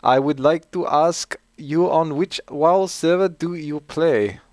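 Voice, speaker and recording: Man doing a high, slow mock German fan voice, stiff and formal. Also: a little mellow, no room sound. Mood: earnest. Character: German man reading out a viewer question.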